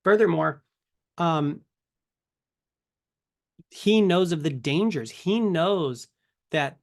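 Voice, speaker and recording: A man's voice: fairly high pitch, extremely slow. A man giving a casual Bible teaching to camera, conversational and full of rhetorical questions. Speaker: ministry teacher.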